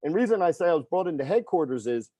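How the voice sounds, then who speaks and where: Speaking fast with big swings in pitch, this middle-aged fitness coach has a slightly high, warm voice captured in a dry recording. He shares a personal story in a chatty way, frequently adding tag questions like "right?" and "okay?".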